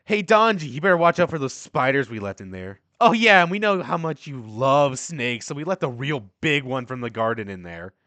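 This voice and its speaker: A man voices a pack of jeering orphanage bullies, taunting in loud, sing-song tones. The pitch bounces all over and the room sounds dry. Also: sing-song, normal speed, few pauses, no echo. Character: mocking boy bullies at an orphanage.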